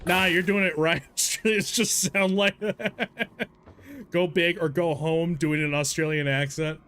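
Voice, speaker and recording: A man live-streaming a horror game, chatting in a rambling, self-deprecating way and breaking into yelling and swearing at the game. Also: a little high, fairly even intonation, slow pace. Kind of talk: casual live gameplay commentary.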